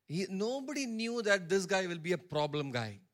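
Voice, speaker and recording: A man preaching a sermon with a high, bright and forceful voice. He hammers his points home by repeating phrases. He voices the people in the story himself. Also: sing-song, moderate pace. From India. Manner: emphatic, repeats phrases for stress; acts out characters' words in his own voice. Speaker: pastor.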